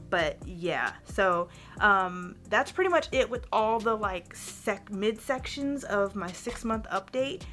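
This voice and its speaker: A woman's voice: medium pitch, a bit bright. A young woman gives a candid, chatty vlog update, ranting freely with lots of fillers. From United States. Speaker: vlogger, teacher in Japan.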